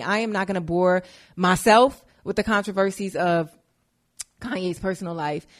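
A young woman in her twenties talks through her podcast in a loose, chatty monologue. She swears freely, hops between topics and keeps an animated, conversational flow, with a voice of average pitch for a woman. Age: 20s. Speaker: podcast host. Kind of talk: casual monologue.

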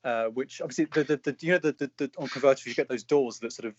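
A man's voice: medium pitch, very fast, husky, dry recording. A man, a podcast co-host, telling a story in a rambling, hesitant, amused way. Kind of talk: casual storytelling chat. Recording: dry, slightly dull sound.

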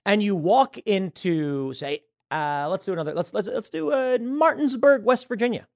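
Animated man with a fairly high voice. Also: moderate pace, creaky, no echo, clean studio sound. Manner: animated, acts out quoted voices, scornful. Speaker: show host. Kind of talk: political commentary.

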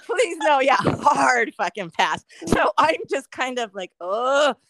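A middle-aged woman spins a profane, animated story for a casual podcast, swearing freely. Her voice sits a little high and lifts as the tale builds. The sound is dry and close. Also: measured pace, no echo. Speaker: podcast co-host.

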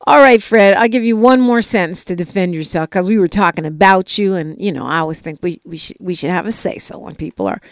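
A woman hosting a talk radio show in a studio, brisk and steering the conversation. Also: lowish voice, no echo.

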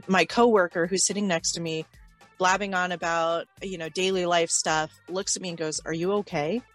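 A woman's voice: lowish voice, moderate pace, soft background music. A woman candidly retelling a painful personal story on a talk show, acting out what others said. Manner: emotional, animated retelling with quoted dialogue. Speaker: guest telling her story.

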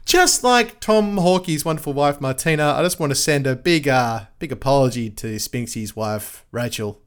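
Aussie bloke hosting a podcast, chatty and excitable, lots of ums and restarts, voice in the middle range. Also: male voice, medium pitch, moderate pace, smooth. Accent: Australian. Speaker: podcast host. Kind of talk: casual cricket podcast chat.

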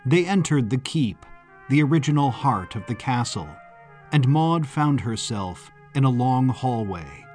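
Slow, measured male audiobook narrator. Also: mid-range voice. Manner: measured and descriptive. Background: faint background music.

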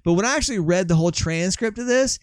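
High-voiced man chatting loosely. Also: animated, quick pace, no room sound, clean studio sound. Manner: loose and conversational, swears freely, laughs often. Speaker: podcast host. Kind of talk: casual chat, reading out quotes.

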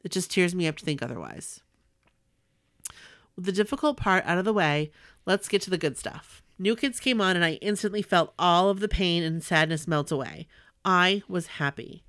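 Woman, 40s, earnest story reader, lower pitch, smooth and clear voice, dry close mic. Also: expressive, normal speed, fairly bright tone, no room sound. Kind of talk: reading a personal letter aloud.

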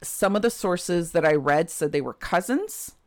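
A woman's voice: lowish voice, lively intonation, moderate pace, no echo, studio quality. A woman co-hosting a podcast, telling a true crime case in a casual way with frequent laughs and chatty asides. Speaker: podcast co-host.

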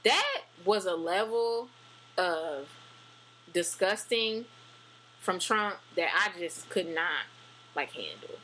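A woman talks in a loose, chatty way, her pitch swinging widely as she goes, full of fillers and restarts. Her voice is bright and forward, with a faint hum of noise behind it. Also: big pitch swings, slow, pauses often, poor audio. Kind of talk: casual chat.

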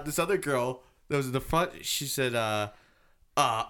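A man in casual chat, telling animated stories about scaring guests in a haunted house, with sudden yelps and laughs. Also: mid-range voice, moderate pace. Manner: animated, loud yelps when acting out scares, laughing often. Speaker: haunted house scare actor.

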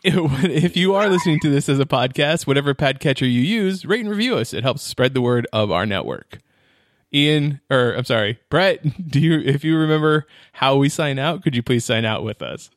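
A man's voice: medium pitch, animated, moderate pace, dry recording, clean studio sound. A man hosting a casual podcast, laughing often and reading the show's plugs. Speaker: podcast host.

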